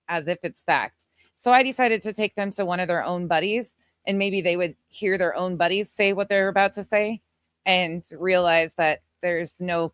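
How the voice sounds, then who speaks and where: A woman's voice: on the low side, no room sound, clean studio sound. A woman hosting a casual reaction commentary, blunt and profane, often breaking into laughter. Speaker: commentary channel host.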